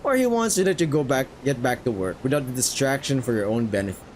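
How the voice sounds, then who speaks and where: A man streaming a story game, narrating it casually with quick asides. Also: medium pitch, lively intonation, slight background noise, low-quality recording. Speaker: streamer reading a game aloud.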